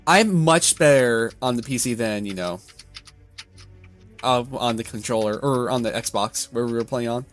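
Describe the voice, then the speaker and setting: A man's voice: medium pitch, normal speed, faint music behind. Hesitant, fumbling male co-host. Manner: hesitant, many fillers and restarts. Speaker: podcast co-host. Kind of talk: casual chat.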